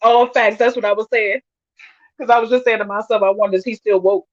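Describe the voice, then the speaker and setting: A woman's voice: fairly high pitch, fairly even intonation, brisk, dry recording, muffled recording. A woman hosting a casual livestream, reading viewer comments aloud and laughing often. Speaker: livestream host reading chat.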